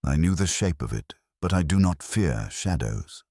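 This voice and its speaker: A man voicing a soft-spoken French dancer. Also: low voice, sing-song, normal speed, no echo, studio quality. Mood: guarded. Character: composed French female understudy dancer.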